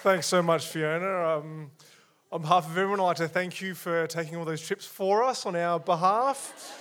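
Male event host with a high voice, casual and hesitant, wrapping up on stage. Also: normal speed, fairly bright tone, a faint crowd. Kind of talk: thanking the speaker, hosting Q&A. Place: theatre stage.

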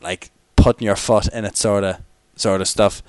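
A man's voice: on the low side, fairly even intonation, moderate pace, darkish tone, clean tone, no room sound, studio quality. A young man co-hosting a podcast in rambling, jokey, tired late-night chat. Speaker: podcast co-host. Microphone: external microphone.

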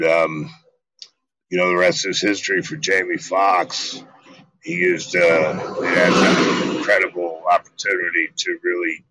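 A man, an actor guest in an interview, telling lively stories full of swearing and acted-out quotes. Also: sits low, dry recording, poor audio. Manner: animated, profane, acts out quotes. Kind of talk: storytelling interview.

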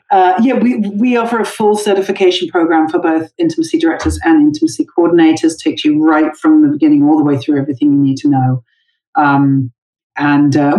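A woman with a very low, mellow voice chatting as an interview guest. She laughs easily and talks loosely with plenty of fillers. The recording has a roomy echo around her. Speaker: guest, intimacy director. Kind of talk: casual interview conversation.

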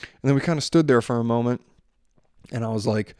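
A man's voice: mid-range voice, fairly quick, dark tone, no echo, clean studio sound. A man in his thirties or forties, a podcast host and father, telling a story in a loose, rambling way with lots of fillers and restarts, recorded in a bedroom on a handheld mic. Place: bedroom at home. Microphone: handheld microphone.

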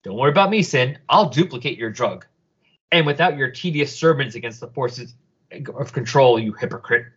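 A man's voice: mid-range voice, lively intonation, normal speed, fairly bright tone, breathy edge, highs cut off. A man voicing a cold, sardonic male scientist who speaks with cutting disdain. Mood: scornful.

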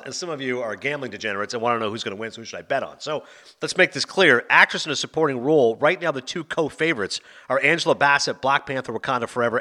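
Fast, bright-voiced male podcast host. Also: mid-range voice. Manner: energetic, quick, anecdotal. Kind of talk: casual movie podcast chat.

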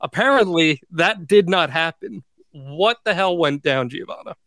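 A man's voice: a little high, lively intonation, normal speed, fairly bright tone, dry recording. A man hosting a podcast in casual chat, teasing his co-hosts. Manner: joking, teasing. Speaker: podcast host.

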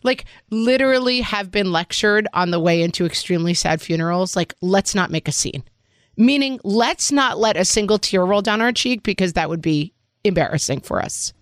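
A woman's voice: medium pitch, lively intonation, moderate pace, no echo, clean studio sound. A middle-aged woman co-hosting a parenting podcast, talking frankly with joking asides. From Irish Catholic family background. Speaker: podcast co-host. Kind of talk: casual podcast chat.

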